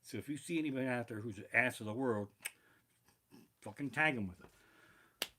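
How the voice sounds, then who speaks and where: A man's voice: mid-range voice, moderate pace, sharp tone, slight background noise. A man comedian telling rambling, profane stories and reading from his notes in a live stream from his living room. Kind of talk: live-streamed storytelling stand-up. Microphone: barebones home streaming mic.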